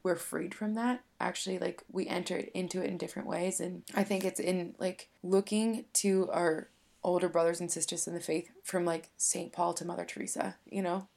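A woman with a lowish voice and a touch of vocal fry talks through her faith in a casual, searching way. She fills her sentences with "like" as she thinks aloud, co-hosting a chat podcast. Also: steady tone, normal speed, darkish tone. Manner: chatty and reflective, heavy use of "like". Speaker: podcast co-host.

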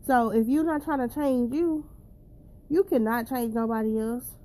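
Woman, higher-pitched voice, mellow and warm tone, blunt, profane, preachy, talks straight to viewers. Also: normal speed. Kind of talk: casual straight-to-camera rant.

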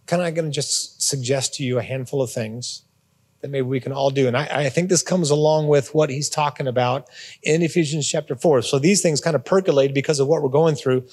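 A man's voice: medium pitch, fairly quick, a little mellow, big-room sound. A man giving a conversational sermon as a pastor, repeating words and adding informal asides. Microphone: phone or portable device.

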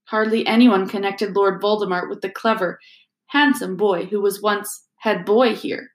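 A woman voicing a kindly old male wizard headmaster who speaks gently and calmly, in a roomy echoing recording. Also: mid-range voice, moderate pace, close to an everyday voice. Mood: gentle. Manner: gentle, calm, softly twinkling. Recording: roomy echo.

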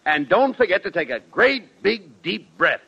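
A man's voice: sits high, big pitch swings, normal speed, vocal fry, breathy edge. A man playing the exasperated straight man in a 1940s radio comedy, scolding his partner. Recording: noisy dull old radio broadcast.

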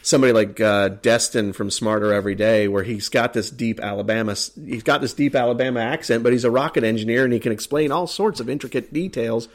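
Talking fast with few pauses, this U.S. podcast co-host has a mid-range voice. He rambles through casual chat, full of fillers and restarted sentences.

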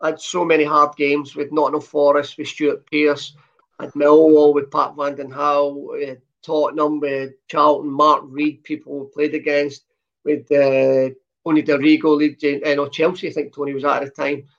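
A former footballer in his fifties from Scotland, he talks with a softened Glasgow accent, telling chatty stories packed with "uh"s during a relaxed interview. The voice is fairly high and gravelly, level in tone, at a moderate pace, heard through dull lo-fi sound.

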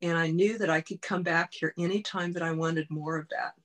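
A woman's voice: fairly low pitch, steady tone, a little fast, fairly bright tone, slight background noise. A woman coach and podcast guest, telling a personal story in an earnest, heartfelt way. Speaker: guest, body-mind coach.

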